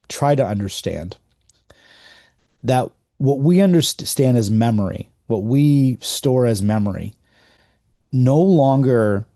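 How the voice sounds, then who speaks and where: A man's voice: mid-range voice, dark tone, dry recording, clean studio sound. A man hosting a podcast interview, reflecting aloud and sharing a story with some hesitation. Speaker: podcast host. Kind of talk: casual interview talk.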